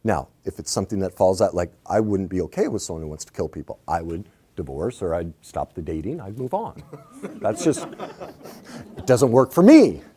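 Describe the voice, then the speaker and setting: A middle-aged man coaching on relationships, swinging between hushed reflection and loud emphatic points. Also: low voice, very animated, moderate pace, breathy edge. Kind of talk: animated advice talk.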